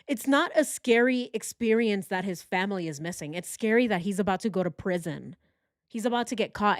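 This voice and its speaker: A woman's voice: medium pitch, dry recording, clean studio sound. Indignant woman reading texts aloud. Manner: indignant, sarcastic. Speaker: true crime channel host. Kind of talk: commentary while reading text messages. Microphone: boom-arm microphone.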